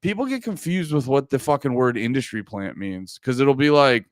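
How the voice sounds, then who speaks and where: A man's voice: mid-range voice, sing-song, fairly quick, hardly any pauses, no room sound, studio quality. A young man talking casually as a podcast host, rambling and swearing, often cutting himself off and laughing. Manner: profane, rambling, self-interrupting, laughs often.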